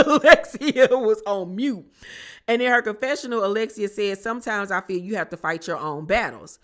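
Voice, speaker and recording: A woman's voice: medium pitch, moderate pace. A woman casually recapping a reality show on her channel, chatty and slangy, acting out what people said. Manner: animated, chatty, slangy, acts out quotes.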